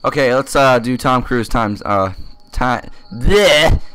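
A man's voice: medium pitch, expressive, takes it slowly, sharp tone, clear, resonant tone, soft background music. A young man giving casual, joking commentary while playing a survival game at his computer, swearing freely and bursting into laughter. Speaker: gaming commentator. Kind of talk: casual let's-play commentary.

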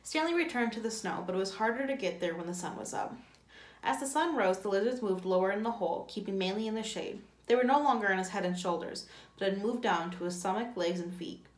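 Woman, teacher, reading a novel aloud, self-corrections, mid pitch, echoey room. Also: fast talker.

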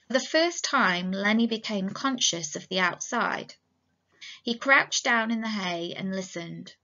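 A woman English teacher giving a recorded lesson, explaining calmly and reading a novel extract aloud. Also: fairly high pitch. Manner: measured, explanatory. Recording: dull lo-fi recording.

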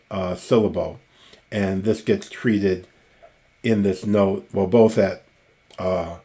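A man giving a recorded lecture on Greek grammar, explaining slowly and deliberately with frequent pauses and fillers. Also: lowish voice, darkish tone. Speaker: classics lecturer.

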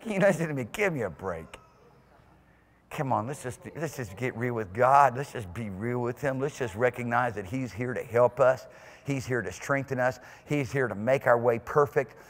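A male pastor preaching a sermon in a church, swinging from quiet asides to whoops and shouts. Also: mid-range voice, animated, moderate pace. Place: church sanctuary. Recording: long hall reverb in a church.

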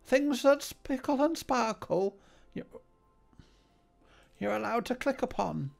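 A man voicing a fussy, bossy sidekick with a high, prim voice. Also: expressive, slow pace, creaky, soft background music, full character voice. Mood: prim fussing. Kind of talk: comedic let's-play banter.

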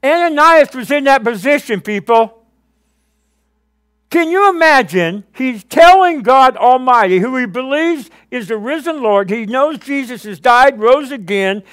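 A pastor's smooth, high, light voice carries an animated sermon in which he tells his story and reenacts past conversations with God. He frequently turns to the congregation with quick questions.

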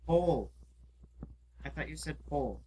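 A man's voice: on the high side, moderate pace, sharp tone. A man gaming with a friend in casual chat, jokey and playful. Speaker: gamer.

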